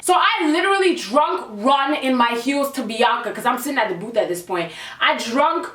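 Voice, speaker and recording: A young woman telling a storytime vlog, animated and slangy, acting out quotes. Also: sits high, normal speed, distant mic. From Canada. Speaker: vlogger. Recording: echoey room, a bit off-mic.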